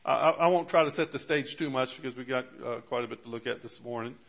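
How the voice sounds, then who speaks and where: A man's voice: mid-range voice, fast, creaky, a bit bright. A man preaching a sermon as pastor, with emphatic rises on key words and many fillers and restarts. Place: church.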